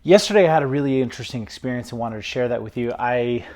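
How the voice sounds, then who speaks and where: A man's voice: medium pitch, lively intonation, racing, a little mellow. A man talking earnestly and enthusiastically in a casual video diary at home. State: out of breath. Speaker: vlogger.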